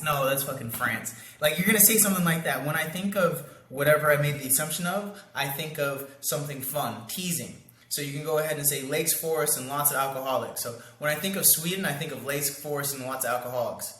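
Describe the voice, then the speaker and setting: Young male dating coach, bright, lively and slangy, acting out lines, recorded in a roomy space. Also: on the high side, a little fast, few pauses. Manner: animated, slangy, acts out lines and sound effects. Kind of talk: casual coaching monologue. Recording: echoey room.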